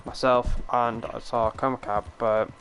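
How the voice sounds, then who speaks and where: A man's voice: medium pitch, little pitch movement, measured pace, a bit bright, a little hiss or hum. A young British man with a British accent, chatting casually and rambling on a game stream, swearing now and then and laughing often. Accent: British English.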